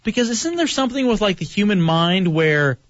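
Animated, fairly high-voiced male radio host. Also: a little fast, dry recording. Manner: animated, playing clips and reading chats aloud. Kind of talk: casual radio banter. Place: radio studio. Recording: dry, slightly muffled broadcast.

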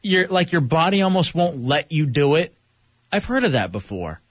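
A man's voice: on the high side, normal speed, breathy edge, no echo. A male radio host chatting casually with his co-hosts while he plays clips and reads messages aloud. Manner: animated, playing clips and reading chats aloud. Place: radio studio. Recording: dry, slightly muffled broadcast.

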